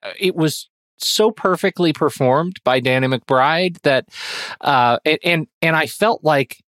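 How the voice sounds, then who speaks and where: A man in his forties hosting a podcast film discussion, talking haltingly with many fillers and restarts. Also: fairly high pitch, fairly bright tone, dry recording, clean studio sound. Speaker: podcast host.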